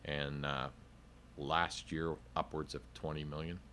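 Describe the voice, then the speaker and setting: A man's voice: very deep voice, flat delivery, measured pace, bright, forceful tone, a little hiss or hum. A man who is a cigar company sales rep, explaining in detail in a playful, casual podcast chat.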